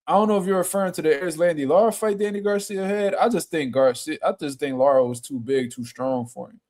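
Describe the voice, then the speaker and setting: A man giving casual, slangy boxing reaction commentary, animated and quick to laugh. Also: a little high.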